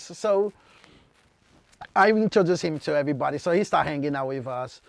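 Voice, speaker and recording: Man from Brazil, high gravelly voice, dry close mic, lively storytelling. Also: moderate pace, no echo. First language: Portuguese. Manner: animated, acts out quotes with big jumps in pitch. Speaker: DJ, podcast guest. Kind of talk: casual storytelling.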